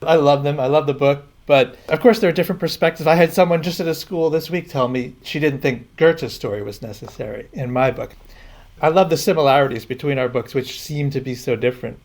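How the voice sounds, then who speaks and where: Author guest, male, mid pitch, earnest and thoughtful. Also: fairly quick, darkish tone. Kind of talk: casual podcast interview.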